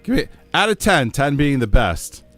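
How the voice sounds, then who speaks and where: A man's voice: on the high side, very animated, normal speed, fairly bright tone, no room sound, faint music behind. A man from the United States streaming a game, chatting casually, reading chat aloud and laughing often.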